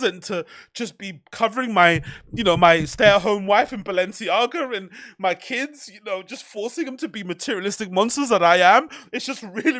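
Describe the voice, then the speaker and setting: A man putting on the voice of a whiny, self-pitying rich male podcaster, talking softly in a simpering, mock-tearful way. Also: high voice. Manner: soft, simpering, mock crying.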